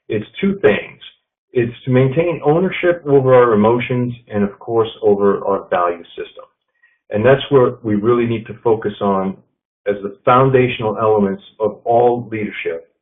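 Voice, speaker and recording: A man giving a leadership presentation to an audience, measured and telling stories. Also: lowish voice. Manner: measured, storytelling with quotes. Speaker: leadership speaker. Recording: tinny phone-like sound.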